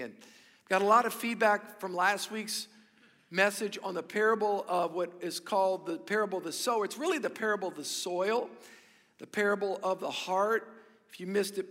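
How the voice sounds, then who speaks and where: A high, bright male voice preaching in an energetic, joking way, often repeating words as he restarts. His sermon rings with a long reverb through a large church hall. He addresses the congregation directly. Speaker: pastor.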